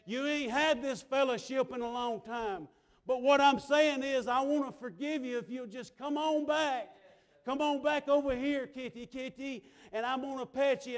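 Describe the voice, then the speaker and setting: Preacher, tenor-high voice, folksy church sermon with big swings in volume. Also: male voice. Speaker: pastor. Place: church sanctuary.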